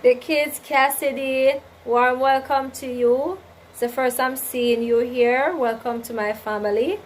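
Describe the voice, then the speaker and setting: A woman's voice: high-pitched, fairly even intonation, unhurried, slight background noise, low-quality recording. Preachy woman livestream host. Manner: preachy, faith-driven advice with repeated "you understand?" and "right?". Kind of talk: casual livestream chat, reading viewer comments.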